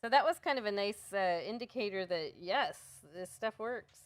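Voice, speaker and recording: A woman co-hosting a painting tutorial, chatty and quick to laugh. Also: medium pitch, animated, no room sound, studio quality. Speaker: co-host. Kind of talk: casual chat during a painting tutorial.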